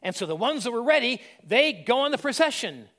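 A male pastor preaching a sermon in a plain, conversational way, asking his listeners rhetorical questions, sometimes loud and sometimes hushed. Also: very high-pitched, very animated, brisk.

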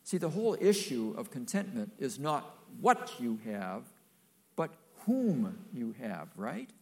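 A man's voice: mid-range voice, very animated, slow pace. An older man preaching a sermon, folksy and emphatic, with playful asides to the congregation.

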